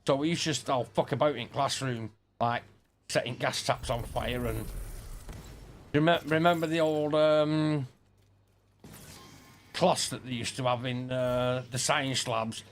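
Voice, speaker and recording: A man's voice: mid-range voice, fairly even intonation, unhurried, long pauses, a little hiss or hum. A middle-aged man, rambling and swearing through school anecdotes while playing a game. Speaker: gaming streamer. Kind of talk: casual storytelling over gameplay.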